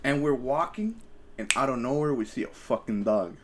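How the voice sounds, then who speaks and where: A man's voice: medium pitch, expressive, normal speed, slight background noise. Young male podcast host; rambling, profane storyteller with frequent restarts, mid-range voice. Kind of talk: casual storytelling chat.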